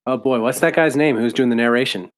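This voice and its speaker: A man's voice: mid-range voice, quick pace. Male podcast co-host with a mid-range voice, casual review chat, loose and chatty with lots of fillers.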